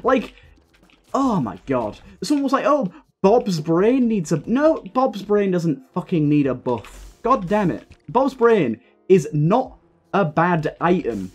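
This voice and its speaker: A young gaming video creator comments on his own gameplay, cursing freely and growing heated as he goes. His husky voice is very animated yet unhurried, with pitch swinging widely from line to line, and faint game music plays underneath.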